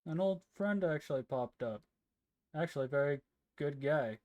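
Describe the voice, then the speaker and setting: A man playing a tabletop game, talking in a relaxed, laid-back way. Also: fairly high pitch, normal speed, dull audio. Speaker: player. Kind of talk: casual tabletop role-play.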